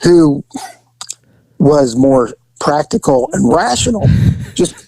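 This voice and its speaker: A middle-aged man telling a story in casual chat, acting out voices with big jumps in pitch. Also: sing-song, slow pace, mellow, no echo, rough recording.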